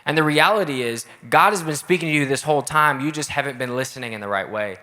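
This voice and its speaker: A young adult man preaching a casual, energetic youth sermon in a church auditorium, talking directly with the crowd. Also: fairly high pitch, quick pace. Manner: energetic, casual, audience-engaging. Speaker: youth pastor. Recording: echoey hall.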